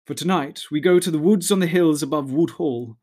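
A man's voice: on the high side, darkish tone, lightly acted. A man voicing a stately old elf lord. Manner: slow, stately, solemn speech. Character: ancient noble male elf leader, grave and wise.

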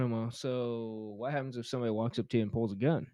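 A man's voice: mid-range voice, fairly even intonation, fairly quick, mellow, no room sound, clean studio sound. A man co-hosting a podcast, telling crude stories in a casual chat, swearing freely and laughing as he goes. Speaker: podcast co-host.

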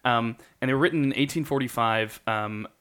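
A man's voice: mid-range voice, fairly quick, fairly bright tone, clean tone. A man co-hosting a podcast, chatting casually and rambling with lots of filler words. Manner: rambling, with lots of ums and likes. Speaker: podcast co-host. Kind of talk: casual chat.

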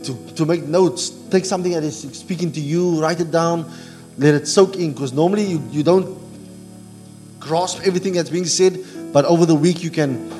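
Pastor preaching in a church hall. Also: male voice, on the high side, normal speed, dark tone. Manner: call-and-response preaching, asks the congregation to finish verses. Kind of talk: sermon. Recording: church hall reverb with music.

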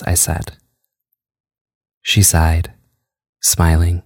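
A man narrates a classic novel in a very deep, low voice, measured and unhurried. The recording is close and dry, with no room echo at all. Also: fairly even intonation, darkish tone. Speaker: audiobook reader.

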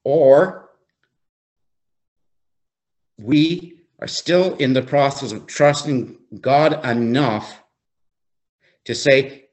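A man leading a faith-based recovery group, teaching slowly and reflectively, often repeating phrases for emphasis. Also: mid-range voice, a little mellow. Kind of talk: devotional teaching.

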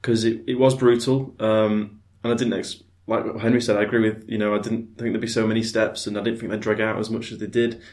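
A man's voice: on the low side, little pitch movement, a little fast, few pauses, darkish tone. A man co-hosting a casual film review podcast, easygoing and a little hesitant when he's put on the spot. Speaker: podcast co-host.

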